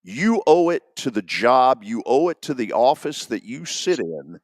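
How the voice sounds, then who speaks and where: Animated, emphatic radio host. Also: male voice, medium pitch, a little slow, no echo, clean studio sound. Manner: emphatic, acts out quotes. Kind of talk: opinionated sports talk.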